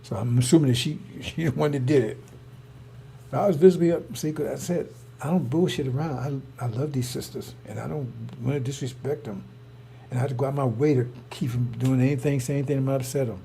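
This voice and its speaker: A man's voice: medium pitch, a little fast, creaky, mellow, a little hiss or hum. A man, telling a rambling personal story in a heated, emphatic, repetitive way. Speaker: online preacher.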